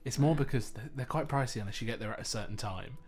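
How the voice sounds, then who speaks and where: A young man co-hosting a casual radio chat, jokey and quick to laugh. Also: mid-range voice, darkish tone. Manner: jokey, laughs often, does silly impressions. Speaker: radio co-host.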